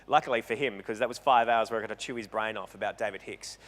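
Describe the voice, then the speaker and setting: Bright-voiced man, hall talk. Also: fairly low pitch, fast. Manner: animated, joking, rambling with self-interruptions. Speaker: guest speaker at a live talk event. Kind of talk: comedic storytelling talk. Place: event hall with an audience. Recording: long reverb of a hall.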